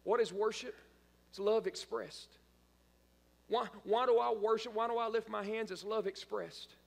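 A man's voice: high-pitched, fairly even intonation, moderate pace, gravelly, long reverb tail. A male pastor preaching a sermon, emphatic and repeating phrases for emphasis. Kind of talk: live-streamed sermon. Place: church sanctuary.

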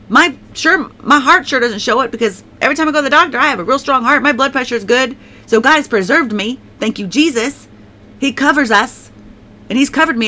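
A woman giving a heartfelt Christian testimony to camera, emotional and repetitive, with frequent restarts and pauses. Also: sits high, pushed and bright. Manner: emotional, repeats words, many restarts. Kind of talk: personal testimony talk.

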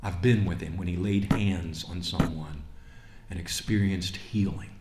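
A male pastor preaching a sermon in a church, moving from quiet asides to fervent, rising preaching. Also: deep voice, steady tone, unhurried, very noisy. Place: church sanctuary. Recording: roomy church reverb.

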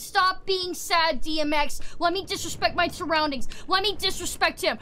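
A woman streaming a video game live, playful and dramatic, with baby talk and loud outbursts at enemies. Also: very high-pitched, fairly even intonation, takes it slowly, hardly any pauses, a little hiss or hum.

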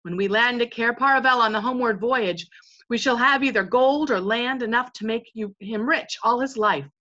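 A woman reading as a commanding young king, stately and sharp, on a dull recording. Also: fairly high pitch, normal speed. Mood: rousing. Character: young king rallying his crew, commanding.

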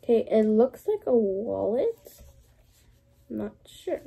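A young woman hosts an unboxing vlog, gushing and letting out excited gasps and squeals. Her voice sits high and soft, with a breathy, husky edge and a mellow tone. She takes her time, talking in an unhurried way. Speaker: vlogger.

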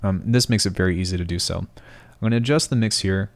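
A man's voice: low-pitched, fast. A young man teaching sound design in a screen-recorded tutorial, thinking aloud and often correcting himself. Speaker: music production tutor.

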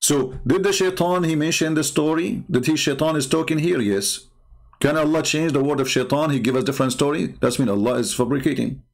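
Man, gravelly creaky voice, arguing loosely with lots of uh and restarts. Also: on the high side. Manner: argumentative, halting, many fillers and restarts. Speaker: religious commentator. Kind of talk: unscripted screen-share talk.

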